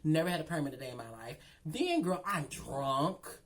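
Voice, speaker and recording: A woman telling a dramatic story in a casual, animated way, often calling the listener "girl.". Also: sits low, moderate pace. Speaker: storytelling vlogger.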